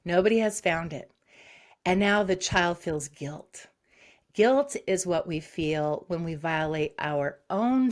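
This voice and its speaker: Woman, psychologist guest, low-ish voice, brisk explaining, acts out examples. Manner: explains quickly with acted-out examples. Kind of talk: explanatory interview talk.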